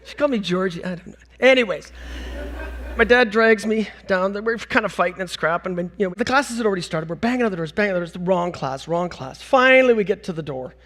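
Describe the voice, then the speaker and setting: Middle-aged canadian guy on stage, pretty high voice, tells funny stories and does the voices of people he quotes. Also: quick pace. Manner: animated, acts out quotes with big jumps in pitch. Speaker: conference speaker. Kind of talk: storytelling talk on stage.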